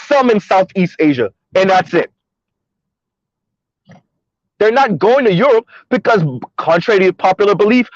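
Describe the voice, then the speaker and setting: Male vlogger, high pitch, emphatic and mocking monologue from the car, dry lo-fi sound. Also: dry recording. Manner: emphatic, sarcastic, repeats points. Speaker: commentary vlogger. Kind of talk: opinionated commentary monologue. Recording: dull lo-fi recording.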